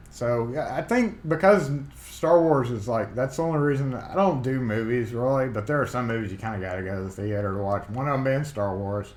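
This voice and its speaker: A man's voice: mid-range voice, a little mellow. A Southern man hosts a laid-back live-stream chat, rambling from one thought to the next and greeting viewers by name. His mid-range voice rings a little in a roomy space. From Mississippi, USA. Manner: chatty, rambling, reads chat comments aloud. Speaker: livestream host. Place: home workshop. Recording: roomy echo.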